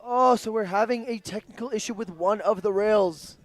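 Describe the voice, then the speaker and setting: A man's voice: sits high, normal speed. A man doing playful live-stream commentary at a sports event, teasing his co-host between announcements.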